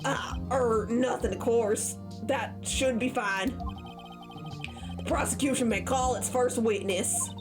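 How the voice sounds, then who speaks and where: A timid old judge announces the proceedings in a formal, hesitant way, as a woman reads his lines. Game music plays clearly underneath. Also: a little high, steady tone, slow pace. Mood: flustered.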